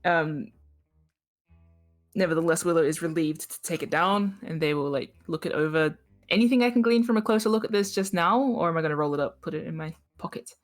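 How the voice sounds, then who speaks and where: A woman's voice: sits low, a little fast, faint music behind. A woman playing in a tabletop game, chatting casually and joking with her group. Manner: playful and joking, laughs often. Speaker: player.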